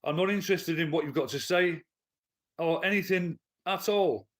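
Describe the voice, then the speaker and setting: A man's voice: a little high, moderate pace, fairly bright tone. A man, ranting bluntly and with swearing to his live-stream chat from his living room. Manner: blunt, profane, heated. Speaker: livestreamer and commentator.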